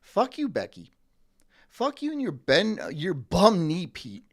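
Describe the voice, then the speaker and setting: Man, streamer, sarcastic rant, profane, very lively pitch. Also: a little slow. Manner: sarcastic, profane ranting with mocking voices.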